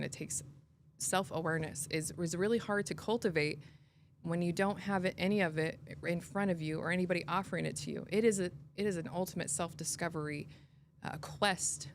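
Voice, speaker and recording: A woman's voice: on the low side, steady tone, a little fast, creaky, a little hiss or hum. A woman hosting a podcast, talking in an earnest, reflective way and often restarting her sentences. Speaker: podcast host. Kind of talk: casual conversational interview.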